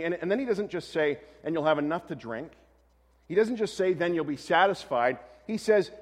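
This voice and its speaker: Male pastor, slightly high voice, conversational sermon with reverb from a large hall. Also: expressive, normal speed. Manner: conversational, self-correcting, lightly humorous.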